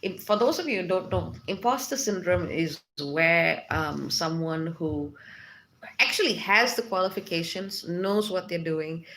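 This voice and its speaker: A woman's voice: fairly low pitch, animated, measured pace, fairly bright tone, a little hiss or hum. A woman hosting a spiritual livestream, chatting casually and reading out viewer comments with lots of fillers. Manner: chatty, reads comments aloud with many fillers.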